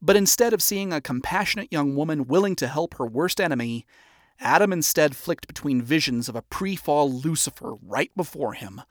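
Steady fan-story narrator, dry sound. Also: medium pitch, no room sound. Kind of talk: amateur audiobook reading of fan fiction.

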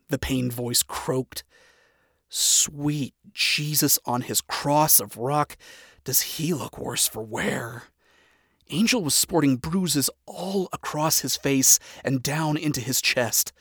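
A man reading a first-person story aloud, with sarcastic, profane, deadpan asides. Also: medium pitch, no room sound, studio quality. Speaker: story reader.

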